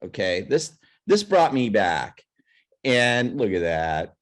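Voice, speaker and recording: A man's voice: on the low side, very animated, slow pace. Male host, video-call coaching session, encouraging and a bit rambling. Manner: repeats and restarts phrases, pep-talk manner.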